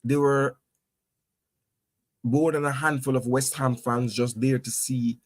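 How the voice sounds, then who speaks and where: A man's voice: medium pitch, fairly even intonation, takes it slowly, no echo. A man talking football in a casual chat, often stammering as he builds a point. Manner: stammering, conversational. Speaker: podcast co-host.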